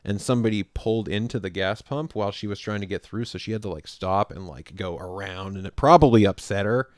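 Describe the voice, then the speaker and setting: Low-voiced man telling a story. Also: brisk, no room sound, studio quality. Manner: animated, acts out quoted lines, laughs often. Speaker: podcast co-host. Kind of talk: casual storytelling chat.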